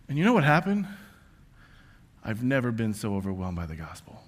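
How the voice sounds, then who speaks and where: A man preaching a sermon, passionate and conversational, who swings from yelling out prayers to hushed near-whispers. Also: mid-range voice, sing-song, fairly quick, pauses often. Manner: self-confessed yeller, passionate and conversational. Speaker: pastor.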